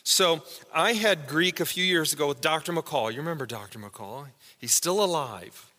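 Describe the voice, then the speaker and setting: A man's voice: on the high side, normal speed, sharp tone, in a large hall. A man preaching a sermon in a church, teaching a Bible word study in a conversational way and asking the congregation questions. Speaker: pastor. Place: church sanctuary.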